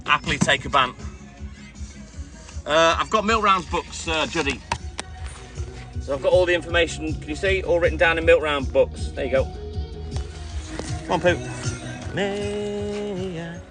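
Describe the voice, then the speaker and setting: Over background music, a middle-aged man with a slightly high voice talks at a moderate pace, pausing often. He's a self-employed milkman on his night round, live-streaming casual chat, welcoming viewers and replying to comments between deliveries.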